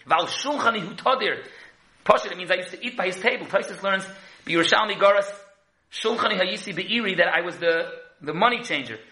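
A man teaching a Talmud lesson, quickly switching between chanted quotes and explanation. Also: high voice, low-quality recording. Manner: quick, lively chanting between Hebrew-Aramaic quotes and English. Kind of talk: Talmud lecture.

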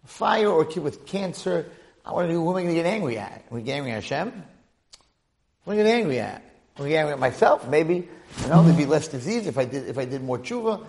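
A man's voice: fairly high pitch, vocal fry, a little mellow. A man giving an impassioned Torah lecture, dramatizing scenes and mixing in Hebrew and Yiddish terms. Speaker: Torah teacher.

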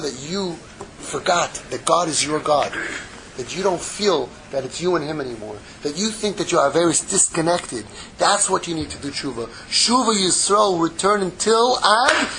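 A man giving an impassioned Torah sermon, mixing Hebrew terms into English and swinging from loud pleading to hushed, intimate tones. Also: high voice, background noise. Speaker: rabbi giving a Torah class.

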